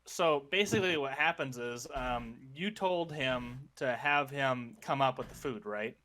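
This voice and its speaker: A man's voice: mid-range voice, unhurried, bright, forceful tone, slight background noise. A man as game master, describing characters and scenes of a tabletop game.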